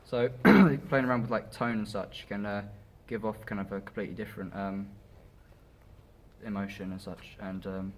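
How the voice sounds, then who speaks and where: A man's voice: fairly low pitch, level tone, moderate pace. A man drama student talking in a casual group discussion, hesitant, with many ums.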